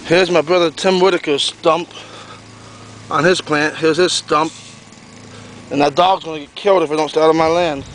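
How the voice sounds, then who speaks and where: Walking his pumpkin patch outdoors, a man addresses a handheld camera in a loose, rambling way, often repeating himself. His pitch is fairly high and his tone steady and a bit bright, at normal speed with frequent pauses. Slight background noise and poor audio quality come through.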